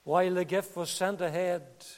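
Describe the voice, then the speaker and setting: A man preaching a sermon with fervour, dropping to a hush and then rising to loud, impassioned peaks. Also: sits high, fairly even intonation, normal speed. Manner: impassioned, swinging between hushed and loud. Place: church. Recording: reverberant church hall.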